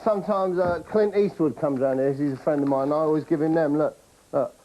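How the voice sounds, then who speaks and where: Male comic host, rambling and boastful to camera, a little high-voiced. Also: brisk, mellow, rough recording. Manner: rambling, boastful, chatty with frequent "right?". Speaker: comedy show host.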